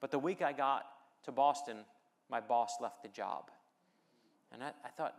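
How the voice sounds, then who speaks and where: A gravelly, medium-pitched male voice moves at a measured pace. It belongs to a middle-aged American keynote speaker and novelist delivering a motivational speech, telling personal stories lightly laced with humor while rallying the audience.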